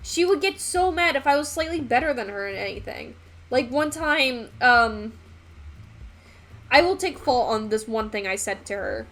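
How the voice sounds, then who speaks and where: A woman's voice: on the high side, expressive, normal speed, fairly bright tone. A young woman streaming while she paints, chatting in a rambling way with lots of fillers and the odd swear word. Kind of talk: casual chat while painting on a live stream.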